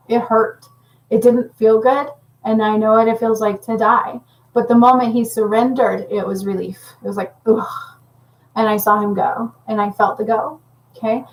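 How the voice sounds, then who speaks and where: A woman's voice: a little high, rough recording. A woman working as a spiritual healer and medium, talking casually and intensely to viewers on a livestream, rambling and often checking in with "okay?".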